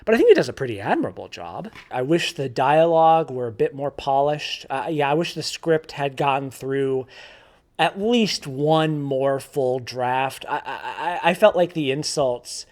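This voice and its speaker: A man's voice: mid-range voice, expressive, measured pace, darkish tone. A man giving a casual spoken film review, informal and candid, thinking aloud with frequent restarts and repeated words.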